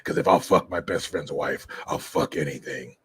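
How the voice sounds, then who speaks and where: A man putting on the voice of a smug, raspy, sleazy middle-aged male politician as a mocking impression, drawling low and lazy. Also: moderate pace, fairly bright tone, a little hiss or hum.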